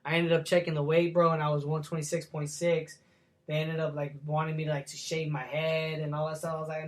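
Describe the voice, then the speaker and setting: A man's voice: a little high, level tone, brisk. A young man, a professional boxer, telling stories in a casual sit-down interview, talking loosely with lots of slang and swearing. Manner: loose slangy talk, full of "like" and "bro", swears freely.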